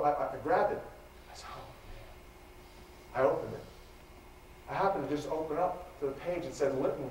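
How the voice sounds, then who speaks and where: Dramatic male lecturer in an echoey hall. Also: a little high. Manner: animated, dramatic storytelling. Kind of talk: live lecture, storytelling. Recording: echoey hall, distant mic, faint noise.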